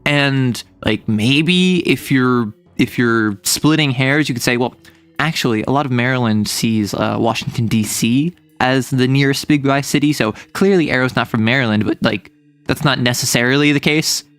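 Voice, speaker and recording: A man's voice: mid-range voice, normal speed, fairly bright tone, clean tone. Chatty young streamer man over faint music. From US Northeast, near New York City. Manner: rambling, chatty, many fillers and self-corrections. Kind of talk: casual livestream chat reading chat.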